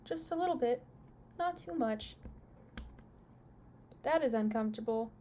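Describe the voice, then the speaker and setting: A young woman talks through a makeup review in a candid, chatty way and complains openly about what she bought. Her voice sits a little high with a mellow, soft tone, and faint noise hums behind her. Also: expressive, unhurried. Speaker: beauty vlogger.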